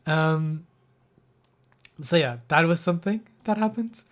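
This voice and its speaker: A man's voice: a little high, a little slow. A young man streaming live, telling a personal story in a rambling, emotional way with many fillers and restarts, close to tears. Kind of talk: casual livestream storytelling.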